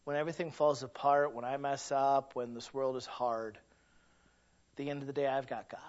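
A man's voice: mid-range voice, steady tone, normal speed, a little mellow, highs cut off. A man preaching a sermon in a conversational way, asking rhetorical questions and building to emphatic peaks. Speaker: pastor.

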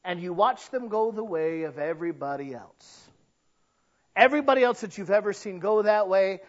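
A man preaching a sermon as pastor, dramatic, dropping soft then bursting into shouts. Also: fairly high pitch, highs cut off.

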